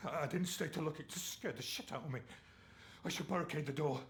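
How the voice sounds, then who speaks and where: An actor playing a frightened Scottish oil rig cook in a video game, with a Scottish accent and a nervous, stammering delivery. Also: male voice, on the high side, quick pace, fairly bright tone, slight background noise.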